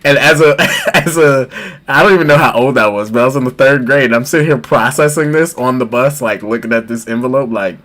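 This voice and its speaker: A man's voice: mid-range voice, brisk. A man co-hosting a podcast, telling a childhood story in casual chat and laughing through it. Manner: animated storyteller who laughs through his anecdotes. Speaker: podcast co-host.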